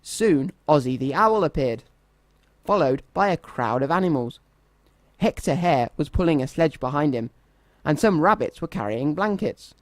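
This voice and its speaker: A man reading a children's story aloud in a gentle, expressive storytelling manner. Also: fairly high pitch, normal speed, dry recording.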